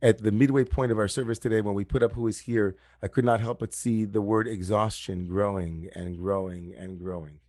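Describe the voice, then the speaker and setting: Man, rabbi, sermon, low voice, dry close sound, repeats phrases for emphasis, video call. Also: steady tone, fairly quick, hardly any pauses, darkish tone, no room sound. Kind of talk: sermon at an online service.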